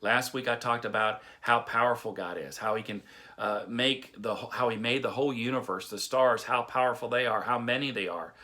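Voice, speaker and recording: A man's voice: medium pitch, brisk, bright, forceful tone. A middle-aged man from Texas giving a casual devotional talk, telling folksy stories with chuckles and restarts. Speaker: devotional speaker.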